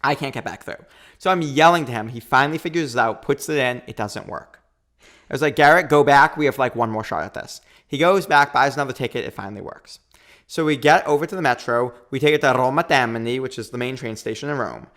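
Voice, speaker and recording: Man, 30s, podcast guest, animated storyteller, acts out dialogue, average pitch. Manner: animated, quick storytelling with acted-out quotes. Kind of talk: storytelling in a casual interview.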